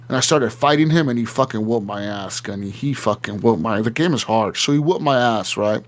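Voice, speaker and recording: A man at an average pitch, chatting on a casual gaming podcast. He tells a long game story with plenty of swearing and acts out each character's lines as he goes. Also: fairly quick, hardly any pauses. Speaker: podcast co-host.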